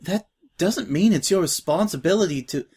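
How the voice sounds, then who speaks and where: A man's voice: high voice, normal speed, darkish tone, slightly rough, pitched above the performer's own voice. A man voicing a timid, prim young filly who speaks politely and formally, hesitant and tearful.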